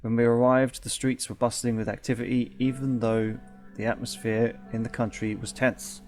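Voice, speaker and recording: A man's voice: medium pitch, flat delivery, moderate pace, darkish tone, soft background music. A man hosting a let's play, reading the game's text aloud and chatting, correcting himself and laughing often.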